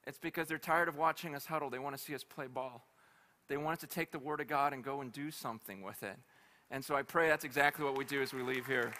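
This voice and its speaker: A male pastor preaching at a conference, telling stories in an animated, conversational way with humor. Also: medium pitch, fast, a faint crowd, slight background noise. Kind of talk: conference sermon. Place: live conference hall.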